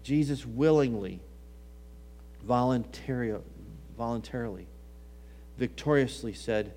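A man preaching a sermon, swinging between hushed, low passages and raised, emphatic ones, and quoting scripture in old-fashioned wording. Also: animated, a little slow, pauses often, a little hiss or hum.

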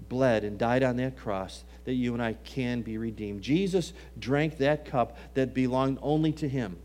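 A man's sermon swings from quiet, low passages to raised, emphatic ones, and he draws on scripture quoted in old-fashioned language.

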